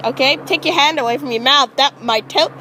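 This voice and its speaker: A woman's voice: high-pitched, fairly quick, sharp tone, slight background noise, poor audio. A young woman hosting an improvised spoof documentary, playful and mock-formal as she interviews friends outdoors. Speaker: interviewer and host.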